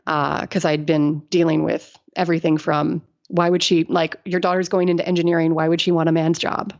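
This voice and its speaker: This middle-aged woman engineer, appearing as a podcast guest, has a deep voice with a flat delivery and talks fairly fast with hardly any pauses. The recording is dull lo-fi podcast audio, and she tells casual interview stories, laughing a lot and performing the voices of people she quotes.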